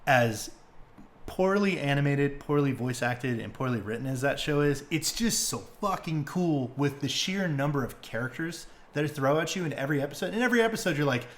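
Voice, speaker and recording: A young man hosting a podcast, retelling stories in casual, excitable chat full of fillers and swearing. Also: fairly high pitch, brisk. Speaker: podcast host.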